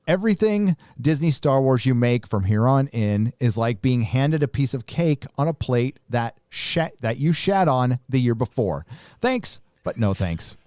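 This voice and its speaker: A man's voice: mid-range voice, a little mellow, no echo, studio quality. A middle-aged man hosting a live stream, chatting casually and reading viewer messages, with a loose, rambling delivery full of restarts. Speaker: host reading super chats.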